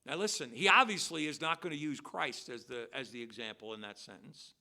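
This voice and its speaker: A man preaching as pastor at a midweek church service, swinging between loud, drawn-out stressed words and quiet, quick asides. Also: mid-range voice. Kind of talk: expository sermon. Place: church sanctuary.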